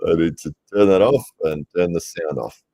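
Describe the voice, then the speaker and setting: A man casually commentating on a live stream from his computer, chatty and quick to laugh as he rambles between tasks. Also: low voice, warm tone.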